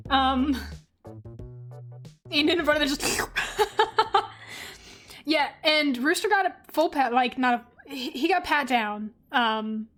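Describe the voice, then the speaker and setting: A woman streamer chatting casually while she draws, telling a story with frequent laughter and plenty of swearing. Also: sits high. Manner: animated, laughs often, swears freely.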